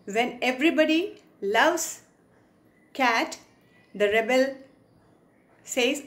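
Slow, higher-voiced Indian English teacher woman. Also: animated. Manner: slow, explains words and acts out quotes. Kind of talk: English poetry lesson.

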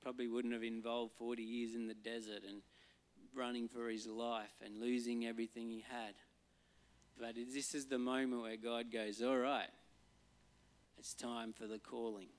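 A man, a pastor giving a relaxed, conversational sermon and acting out voices now and then. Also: mid-range voice, normal speed. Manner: conversational, acts out voices and quotes for humor.

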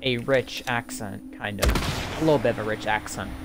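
A man's voice: lowish voice, normal speed, heavy background noise. A young man casually commenting on a video game as a YouTuber, rambling with many fillers and restarts. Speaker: gaming YouTuber and streamer.

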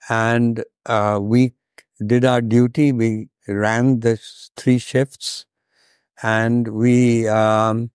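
An older man from India giving a talk, telling a personal story in a slow, deliberate way and voicing the people in it. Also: mid-range voice, darkish tone, clean tone, no echo, studio quality. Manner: slow, deliberate, acts out quoted dialogue.

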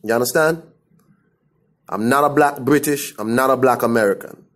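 A man's voice: mid-range voice, normal speed, a bit bright. Blunt Caribbean man ranting. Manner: blunt, scornful, emphatic. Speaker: commentator. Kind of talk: opinion rant to camera.

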